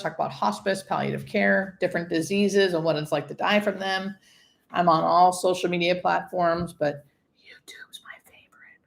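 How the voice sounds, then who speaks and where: Chatty woman with a gravelly low voice. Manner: chatty, rambling storyteller greeting viewers. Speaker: hospice nurse, livestream host. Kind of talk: casual livestream chat. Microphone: webcam or phone setup for a livestream.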